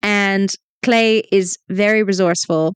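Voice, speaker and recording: Female player, lively scheming delivery, dry close sound. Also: medium pitch, a little slow, smooth, dry recording. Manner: animated, plotting, playful. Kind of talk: in-character tabletop play.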